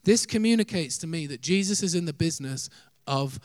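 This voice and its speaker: Male preacher, mid-high register, earnest sermon delivery, dry close recording. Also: lively intonation, fairly quick, a little mellow, no room sound. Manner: earnest, varies pace and volume for emphasis, laughs lightly.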